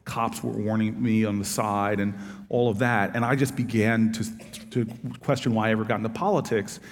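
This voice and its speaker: A man's voice: fairly low pitch, normal speed. Man telling a story in a reverberant hall. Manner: animated anecdotal storytelling, acting out both sides of dialogue. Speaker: author and former city politician. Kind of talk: storytelling talk.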